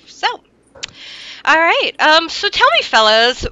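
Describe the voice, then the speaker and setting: A woman's voice: high voice, very animated, slow pace, bright, forceful tone, lo-fi sound. A woman hosting a casual podcast chat, bubbly and laughing often. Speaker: host.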